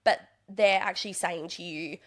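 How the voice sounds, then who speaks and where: A young woman in casual interview chat, chatty and animated, slipping into exaggerated voices when she quotes people. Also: on the low side, normal speed. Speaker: podcast guest, reality TV contestant and stand-up comedian.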